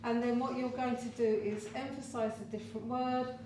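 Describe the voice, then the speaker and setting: A woman leading a teacher workshop at a conference, calmly giving practical step-by-step tasks to the audience. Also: on the high side, normal speed. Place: large conference room. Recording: roomy distant recording with background noise.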